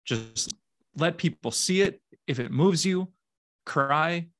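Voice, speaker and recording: A man's voice: on the high side, expressive, takes it slowly, a bit bright. A man in his forties, a pastor hosting a podcast, talking earnestly and laughing easily. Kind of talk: casual faith podcast chat.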